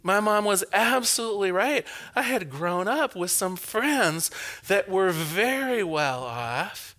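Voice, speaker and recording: Bright, animated man telling stories. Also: sits high, slow. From Pacific Northwest, US. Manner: anecdotal, animated storytelling with laughs. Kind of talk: reflective personal talk.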